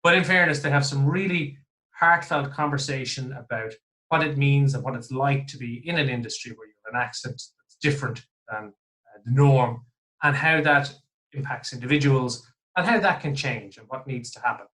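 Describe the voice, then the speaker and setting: A man's voice: medium pitch, normal speed, bright, forceful tone. Jovial Irish man hosting a podcast. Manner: jovial, chatty, self-deprecating. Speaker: podcast host. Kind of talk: casual podcast chat.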